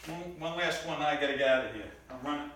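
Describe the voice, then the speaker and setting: Fast and fairly bright, with a voice on the high side, a middle-aged comic exasperatedly recounts his story on stage while tripping over repeated words. The audio comes from a distance in an echoey room, with faint background noise.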